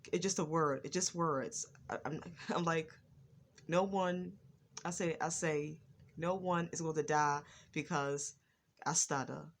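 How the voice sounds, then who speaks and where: A woman vlogger talking slowly and carefully in a casual personal monologue, with a stutter and a lot of repetition. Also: deep voice, steady tone.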